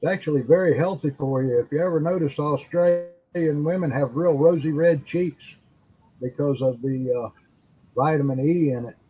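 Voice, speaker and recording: An older man calling into a casual chat, gruff and plain-spoken, lecturing in a matter-of-fact way. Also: on the high side, moderate pace. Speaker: caller, former police officer and gunsmith. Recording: dull lo-fi sound.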